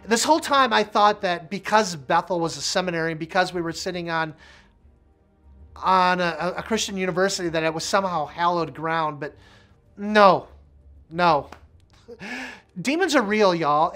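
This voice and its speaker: A man's voice: high voice, fairly bright tone. A middle-aged man, a minister, sharing a personal testimony with vivid, emphatic repetition.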